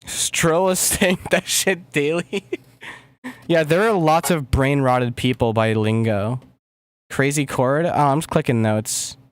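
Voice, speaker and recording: A young producer livestreams his music sessions, speaking slowly in a clean, mid-range voice on a dry recording. He rambles casually and curses under his breath, mumbling and trailing off between thoughts as he clicks at his desk mic.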